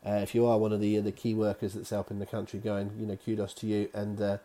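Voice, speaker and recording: A man's voice: on the low side, completely flat delivery, fast talker, dark tone. A man hosting a quiz from his own office, reading each question twice with chatty asides. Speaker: quiz host.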